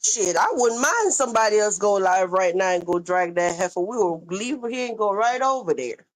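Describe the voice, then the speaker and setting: A woman hosting a casual gossip livestream, teasing loudly and laughing often. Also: mid-range voice, animated, normal speed, dry recording. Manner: loud teasing banter with frequent laughter. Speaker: livestream co-host.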